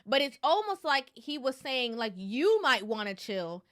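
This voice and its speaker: A woman's voice: high-pitched, very animated, measured pace, a bit bright. A woman co-hosting a podcast, casually explaining a viral clip with lots of "like" and "right?". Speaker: podcast co-host.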